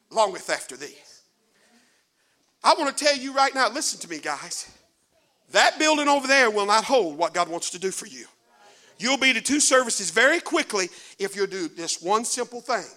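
A male preacher delivers a folksy sermon in a church. His voice sits very high, with bright, forceful edges and a lively rise and fall. He drops to hushed asides, then builds to shouts.

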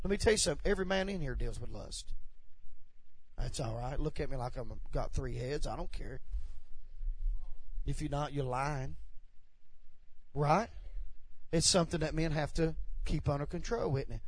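A man preaching a sermon in a church, swinging between loud, passionate appeals and quiet, confiding asides. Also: a little high, normal speed, long pauses, breathy edge. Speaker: pastor. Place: church sanctuary.

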